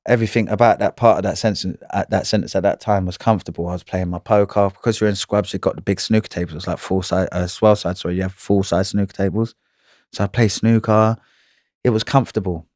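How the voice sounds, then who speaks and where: A man's voice: low voice, darkish tone, dry recording, studio quality. A man, telling prison stories in a casual interview, in heavy slang with frequent swearing and "you know what I mean".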